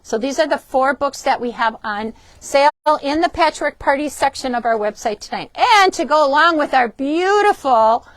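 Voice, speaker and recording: A woman with a high, bright-pitched voice hosts a casual shop demo, chatty and upbeat, stumbling over words now and then. The sound is dry and close, with no room echo. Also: expressive, moderate pace, hardly any pauses. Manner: chatty, upbeat, frequent ums and self-corrections. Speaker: shop host presenting fabrics and books. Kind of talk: casual product demo for a live stream. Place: indoors in a fabric shop.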